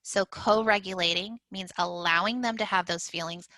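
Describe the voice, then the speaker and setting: Bright-voiced woman giving a parenting talk. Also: medium pitch, fairly even intonation, normal speed, no room sound, poor audio. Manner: conversational, many fillers and restarts. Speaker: early childhood educator.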